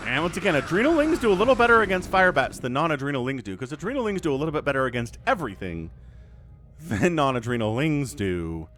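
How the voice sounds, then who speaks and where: A man casting a real-time strategy match solo, with an excitable, jokey delivery. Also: on the high side, fast. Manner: animated, excitable, jokey asides. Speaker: esports caster. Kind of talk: solo game commentary.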